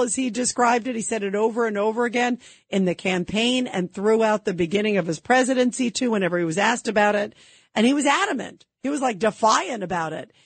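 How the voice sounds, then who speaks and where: Woman radio host, husky, dry close sound; pushes each point with indignant emphasis. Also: a little high, no echo. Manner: emphatic, indignant, rhetorical questions. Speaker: radio talk show host. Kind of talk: political commentary monologue.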